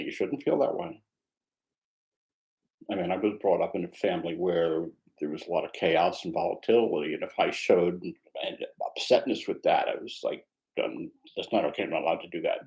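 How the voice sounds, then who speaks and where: A man teaching meditation, speaking in a reflective, conversational way with a gently self-mocking humor. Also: low-pitched, poor audio. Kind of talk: mindfulness dharma talk.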